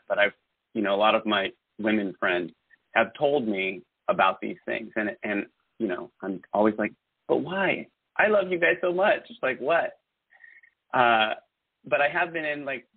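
A man's voice: lowish voice, no room sound. A man guest-hosting a casual talk show, speaking earnestly in a rambling way with many restarts. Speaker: guest host. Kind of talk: casual podcast chat. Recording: tinny phone-like line.

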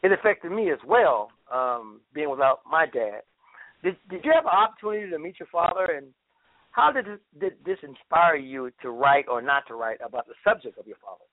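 A male host asks curious, probing questions, and his pitch moves a lot. His voice is dry and thin, as if heard through a phone line. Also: animated, fairly quick, no room sound. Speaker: show host. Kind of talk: interview questions. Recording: tinny phone-line sound.

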